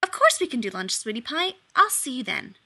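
A woman's voice: high-pitched, big pitch swings, a little fast, pushed and bright, heavily acted. Woman putting on a fawning oily male demon. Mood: sugary. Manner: wheedling, nervous, fake-cheerful. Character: fawning, oily short male demon full of pet names.

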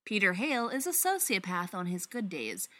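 A woman reading fiction aloud with wry, expressive storytelling. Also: mid-range voice, normal speed. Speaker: reader.

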